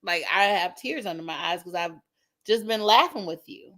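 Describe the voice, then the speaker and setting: Woman, podcast co-host, playful casual chat, bright voice. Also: on the low side, animated, normal speed.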